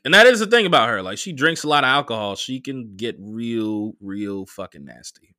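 A young man hosting a podcast, telling a story in a casual, profane, animated way and acting out the quotes. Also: mid-range voice, normal speed, no room sound, clean studio sound. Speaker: podcast host.

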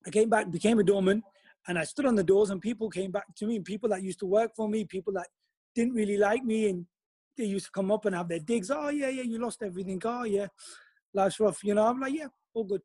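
A man's voice: high voice, fast, mellow, slightly rough, no room sound, studio quality. A man talking as a guest in a casual chat, giving emphatic advice. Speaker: guest, businessman.

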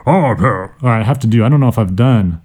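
A man's voice: fairly low pitch, a little fast, darkish tone. A man hosting a casual vocabulary podcast, playful and self-mocking, joking between word explanations. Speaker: podcast host teaching vocabulary.

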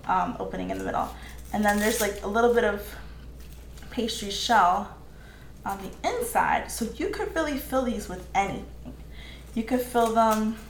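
A woman's voice: mid-range voice, a little hiss or hum. A chatty woman talks her way through cooking at home and laughs easily as she goes. Her voice rings around a hard, echoey kitchen. Pots and pans clatter faintly in the background. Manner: chatty, laughs often, reads out viewer comments. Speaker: home cook live-streaming. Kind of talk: casual cooking stream chat.

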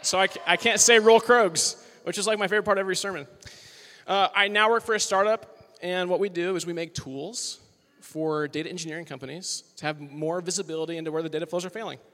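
A young man in his twenties gives a loose, joking sermon to a college crowd, chatty and upbeat. His voice sits high and sounds bright and forceful. The room rings with the long reverb of a large hall. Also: fast talker. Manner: chatty and upbeat, full of "like" and "you know". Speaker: worship leader preaching. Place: large worship hall with live audience.

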